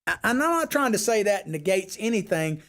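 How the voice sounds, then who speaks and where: A man's voice: sits high, very animated, fairly quick, a bit bright. A man talks straight to his audience on a solo political show. He is combative and opinionated. He leans on rhetorical questions to press his points. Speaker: political talk show host.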